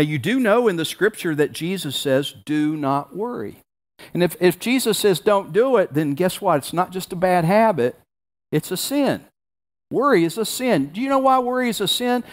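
A male pastor preaching a sermon, reading scripture aloud and repeating key phrases for emphasis. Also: fairly high pitch.

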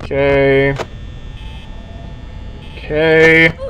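A young man streaming a horror game, rambling nervously to his chat and yelling when things go right. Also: a little high, measured pace, a little hiss or hum, rough recording. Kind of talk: live gameplay commentary.

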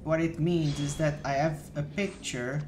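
This is a streamer playing a horror game live. The talk is casual and half-muttered while they play, with sudden curses at the scares. The voice sits in a middle pitch. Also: steady tone, measured pace, a little mellow, slight background noise. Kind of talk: live gameplay chat.

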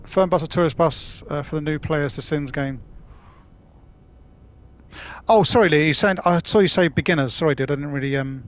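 A Londoner with a Cockney accent streams a game live, chatting casually with viewers, matey and swearing freely. His voice is on the high side at normal speed, and he pauses often.

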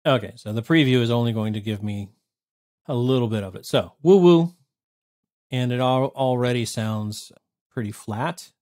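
A man in his thirties casually reviewing software, blunt and sarcastic, swearing freely. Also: medium pitch, steady tone, normal speed. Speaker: tech reviewer. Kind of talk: casual screen-recorded review.

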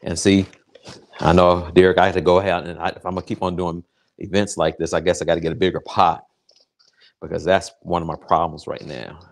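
Male home-cook host with a deep voice, loose and jokey, swears freely, hypes up viewers while cooking. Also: a little fast, vocal fry. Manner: excitable, crude, jokey, chats directly to viewers. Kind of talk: casual cooking livestream talk.

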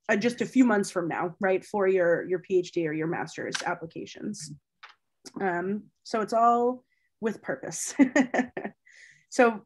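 A woman co-presenting a webinar, explaining an application process in a casual, chatty way with fillers. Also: mid-range voice.

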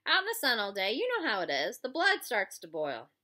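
Woman reads teen boy ringleader, smooth talker, lively and high. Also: a little fast, heavily acted. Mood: placating. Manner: smooth, placating. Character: teenage boy gang leader, smooth talker.

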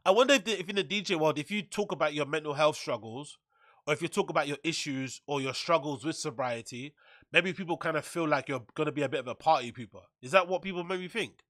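A young man with a bright, forceful voice that sits a little high for a man. He hosts a podcast, reading an article aloud and riffing on it with crude, rambling jokes. The sound is close and dry. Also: fast talker, no echo. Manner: profane, joking, loose and rambling. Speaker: podcast host.

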